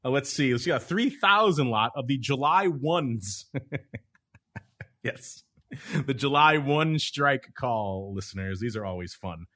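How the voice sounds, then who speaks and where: A man's voice: mid-range voice, animated, measured pace, fairly bright tone. A man hosting a casual podcast chat, joking along, chuckling often and teasing his co-hosts. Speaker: podcast host.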